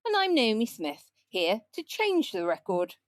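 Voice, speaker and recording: A woman's voice: fairly high pitch, wildly swooping pitch, unhurried. A woman co-hosting a podcast, introducing and welcoming a guest in an upbeat way. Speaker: podcast co-host and interviewer.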